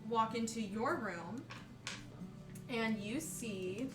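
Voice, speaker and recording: A woman's voice: on the high side, very slow, echoey room, distant mic, music in the background. A woman narrating as game master on a video call, giggly and easily flustered.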